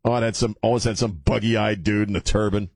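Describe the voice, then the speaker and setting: A middle-aged male radio host with a lowish voice, riffing in loose, provocative banter and breaking into laughter often. The sound is dry and close, with no room around it. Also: fairly even intonation, brisk, dry recording. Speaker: radio talk show host.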